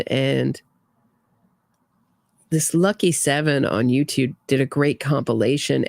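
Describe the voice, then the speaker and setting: A woman delivers opinionated true crime commentary in a relaxed, conversational way. Her voice has a gravelly edge, and she trails off and restarts her sentences often. The recording is dry and close. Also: low voice, no room sound. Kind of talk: casual commentary.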